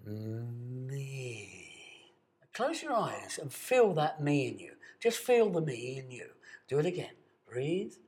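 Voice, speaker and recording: Animated man coaching voice and breathing. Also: on the high side, a little slow. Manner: calm, coaxing, addresses the viewer directly; demonstrates sustained sung tones. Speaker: voice and meditation teacher. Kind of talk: guided voice and breathing exercise. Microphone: speaking to camera.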